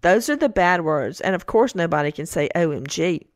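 A woman's voice: on the low side, animated, normal speed, no echo. Incredulous storytelling woman, dry sound. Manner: storytelling, quoting her kids with incredulous outbursts. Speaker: co-host. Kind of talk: animated true-crime podcast chat.

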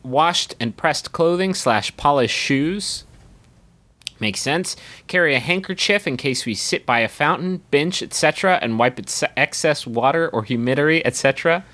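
A man's voice: a little high, animated, normal speed, sharp tone. A man co-hosting a comedy podcast, reading out a listener's question with wry asides and mock outrage. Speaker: podcast co-host. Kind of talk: comedic casual chat.

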